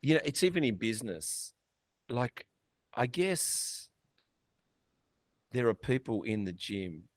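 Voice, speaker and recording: A man hosting a podcast in casual chat, blunt, swearing and animated as he tells stories. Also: fairly low pitch, no echo. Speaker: podcast host.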